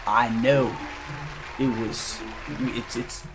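A young man hosting a gaming channel, talking through a horror game, jumpy and quick to yell and swear when startled. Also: medium pitch, steady tone, music in the background, a crowd in the background. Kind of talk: gaming commentary.

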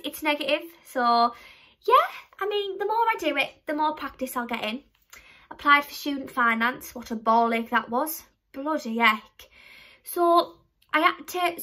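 Bright-voiced chatty young woman. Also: high voice. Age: young adult. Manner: chatty, rambling, self-mocking storyteller. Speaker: vlogger. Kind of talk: casual chat to camera.

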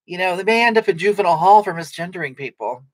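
A woman's voice: on the low side, lively intonation, fast, no echo. A woman playing a brash, sarcastic livestream personality who rambles and snaps back at viewers' comments. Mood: snarky. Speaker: livestream comedy character. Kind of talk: improvised comedic livestream chat.

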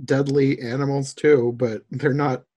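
A man's voice: mid-range voice, level tone, measured pace, crowd noise. A man hosting a podcast, chatting casually with short remarks and easy laughter. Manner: laid-back, short remarks, laughs easily. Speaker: podcast host. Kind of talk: casual chat.

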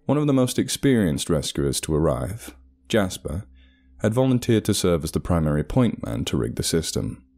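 Deep, mellow man narrating horror: measured and deliberate. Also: big pitch swings.

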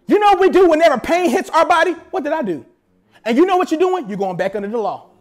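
A man preaching a sermon as pastor at a church service, animated, with playful asides. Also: very high voice, rapid-fire.

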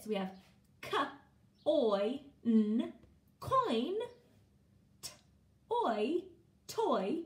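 Slow sing-song woman teaching phonics. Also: on the high side, a little mellow, reverberant. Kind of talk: online phonics lesson for young children.

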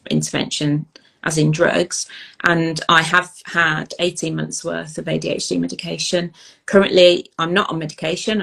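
A middle-aged woman, an ADHD youth coach, speaking earnestly in an interview with many pauses and ums. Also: sits low, creaky, a bit bright, poor audio. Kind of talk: interview conversation.

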